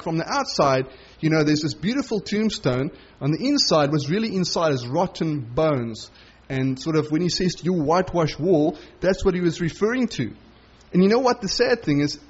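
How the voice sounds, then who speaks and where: A man with a notably high voice that has a husky, breathy edge preaches through a scripture passage. He talks casually with plenty of fillers and plays out the quoted speech. The recording sounds dull and muffled. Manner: conversational, many fillers, dramatizes quoted lines. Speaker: pastor. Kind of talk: verse-by-verse Bible teaching.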